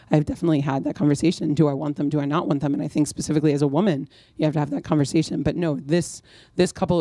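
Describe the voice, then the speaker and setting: A woman's voice: low-pitched, a little mellow, dry recording. A woman author talking with an audience at a bookstore event, telling rambling, self-mocking stories full of restarts. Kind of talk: conversational Q&A and anecdote.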